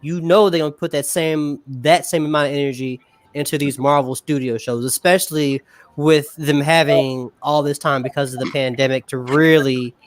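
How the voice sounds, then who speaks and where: A man's voice: fairly high pitch, fairly even intonation, normal speed, no room sound. Man, co-host on a video call, rambling reaction talk, very dry close sound. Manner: rambling, restarts often, laughs easily. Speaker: podcast co-host. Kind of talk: casual reaction chat.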